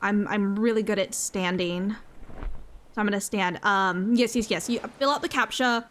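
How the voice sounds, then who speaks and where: A young woman streaming a game in casual chat, excitable, gasping often and repeating her phrases. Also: medium pitch, moderate pace, a little hiss or hum.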